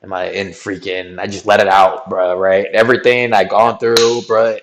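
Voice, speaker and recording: A man's voice: fairly low pitch, little pitch movement, normal speed, noisy background. A man streaming, telling a rambling, slang-filled story and asking "right?" again and again. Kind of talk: casual storytelling recap.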